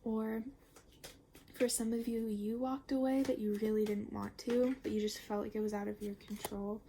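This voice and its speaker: A woman's voice: on the high side, flat delivery, normal speed, mellow, a little hiss or hum. Rambling young woman tarot reader. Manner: chatty, rambling, full of fillers and swearing. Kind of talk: casual tarot reading.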